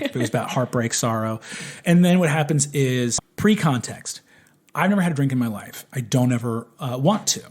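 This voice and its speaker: A man with a middle-pitched voice spins a funny personal anecdote. He is animated and swears freely, and he slips into the voices of the people he describes as he goes. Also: fairly quick, husky. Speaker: storyteller. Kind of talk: comic anecdote.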